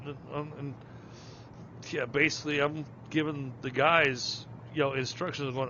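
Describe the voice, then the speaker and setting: A man chats casually while he plays, rambling, restarting sentences and poking fun at himself. His voice comes through a dull, lo-fi mic with steady noise behind it. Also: medium pitch, normal speed. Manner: self-deprecating, rambling with restarts. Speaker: streamer and project manager. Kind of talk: casual chat while gaming.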